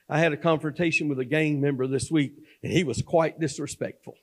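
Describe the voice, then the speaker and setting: A man, speaking as a guest at a church and telling a personal testimony in a folksy storytelling manner. He moves from loud, emphatic preaching to a quiet, confiding tone. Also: a little high, steady tone, a little fast, hardly any pauses. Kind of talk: sermon testimony. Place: church sanctuary.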